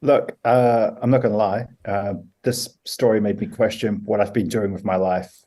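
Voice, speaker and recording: A man's voice: fairly low pitch, fairly even intonation, moderate pace, mellow. A man who is a comedian, a guest on a podcast panel, musing in a laid-back comic way.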